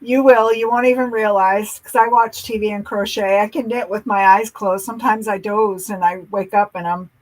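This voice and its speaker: A woman's voice: mid-range voice, steady tone, moderate pace, few pauses, poor audio. A middle-aged woman, a guest on a live stream, chatting in an upbeat, encouraging way. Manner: encouraging, upbeat, laughs often. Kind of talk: casual chat.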